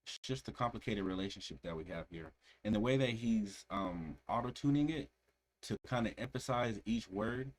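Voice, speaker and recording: A man's voice: fairly low pitch, lively intonation, normal speed. A man hosting a reaction video, giving earnest, reflective commentary and repeating phrases for emphasis.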